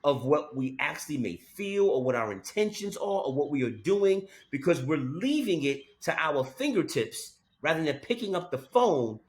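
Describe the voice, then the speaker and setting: A man's voice: fairly high pitch, big pitch swings, moderate pace, hardly any pauses. A man co-hosting a podcast in casual chat, telling a story with emphatic "okay?" asides. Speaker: podcast co-host.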